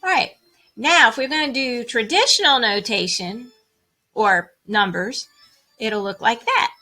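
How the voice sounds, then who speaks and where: A woman's voice: on the high side, a little slow, sharp tone. A woman music teacher giving an online rhythm lesson for children, upbeat and encouraging, counting and chanting rhythms aloud.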